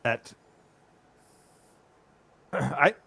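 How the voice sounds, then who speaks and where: A man's voice: very slow, pushed and bright. A man playing a stern military officer who gives curt commands.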